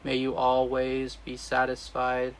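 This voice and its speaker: A man's voice: mid-range voice, monotone, takes it slowly, a little hiss or hum, low-quality recording. A man reading the part of a witty, regretful older sister, speaking sung lyrics with slips. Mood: toasting. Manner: reads sung lyrics as speech, with slips and restarts.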